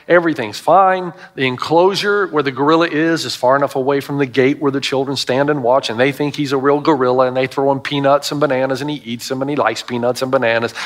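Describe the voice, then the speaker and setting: A middle-aged male pastor preaching a sermon to a congregation, telling stories with emphatic asides. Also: mid-range voice.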